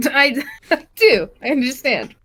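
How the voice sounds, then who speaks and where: A woman chatting casually as a stream co-commentator, speaking haltingly with many fillers and easy laughter. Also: sits high, animated, a bit bright, rough recording. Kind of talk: casual chat.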